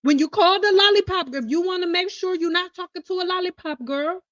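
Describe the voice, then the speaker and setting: A blunt, teasing woman hosts a casual livestream rant, her voice sitting high. The audio is slightly dull and dry. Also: brisk, fairly bright tone, no echo. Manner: blunt, teasing, laughs often. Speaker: hairstylist livestream host. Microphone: livestream mic.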